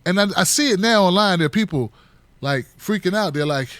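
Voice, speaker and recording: A middle-aged man talks through a relaxed solo commentary with a fairly high voice. His delivery is loose and joking, and he keeps slipping into mock voices of other people. The sound is close and dry. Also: fairly quick, clear, resonant tone, no room sound. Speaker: political commentary host.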